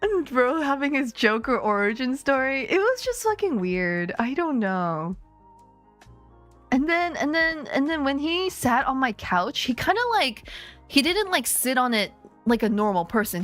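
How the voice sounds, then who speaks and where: Animated, foul-mouthed woman streamer. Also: a little high. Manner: animated, swears freely, laughs often. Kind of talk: casual livestream storytelling.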